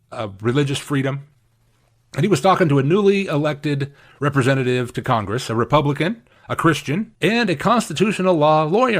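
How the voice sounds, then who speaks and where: A man preaching a sermon as pastor, emphatic, with lively swings in pitch and acted-out quotes of opponents. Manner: acts out quoted opponents in voices.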